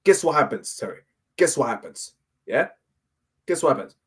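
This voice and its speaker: A man, ranting hard about football. His voice sits a bit high and sounds husky. He keeps repeating himself and throwing in "yeah?" again and again. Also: very animated, moderate pace. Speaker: fan guest. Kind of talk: heated fan rant.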